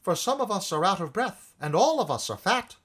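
A man voicing high, husky pleading oysters. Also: big pitch swings, fairly quick, a bit bright, heavily acted. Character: plump anxious oysters, small and breathless.

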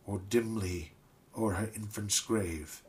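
A man reciting a tragic ballad in a solemn, measured, dramatic style. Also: fairly low pitch, a little mellow. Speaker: reader.

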